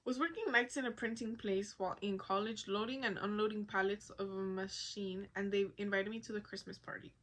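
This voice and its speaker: A woman's voice: mid-range voice, fairly even intonation, fairly quick, hardly any pauses, a bit bright, close to an everyday voice. A woman reading a wild office-party story aloud in a put-on Irish accent, voicing a brash Irish storyteller in a playful, unsure way. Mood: mock-serious.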